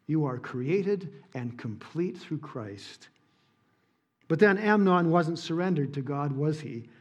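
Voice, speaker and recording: Earnest pastor preaching. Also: male voice, a little high, animated, takes it slowly. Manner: earnest, emphatic preaching that drops soft on key points. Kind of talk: sermon.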